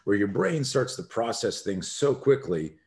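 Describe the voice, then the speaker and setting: A man's voice: on the low side, sing-song, a little slow, a little mellow. A man, a self-defense expert, telling a story as a podcast guest and acting out the scenes with animation.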